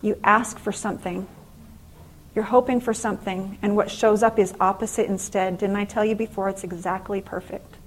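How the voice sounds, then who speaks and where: A middle-aged woman giving a faith-based motivational class at a conference, telling stories with lively acted-out exclamations. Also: mid-range voice, moderate pace, low-quality recording. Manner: animated storytelling, acting out exclamations. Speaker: conference speaker and author.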